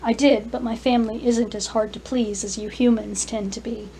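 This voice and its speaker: A woman's voice: fairly high pitch, fairly even intonation, moderate pace, mellow, a little hiss or hum, natural voice, rough recording. A woman voicing a proud, courteous male dragon with a light Welsh accent and formal phrasing.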